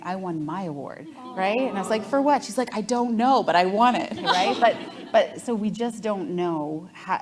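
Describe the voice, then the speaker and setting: A Canadian woman in her forties, an entrepreneur guest in a live onstage interview, telling lively stories and laughing often. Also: on the low side. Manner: animated storytelling, laughs often.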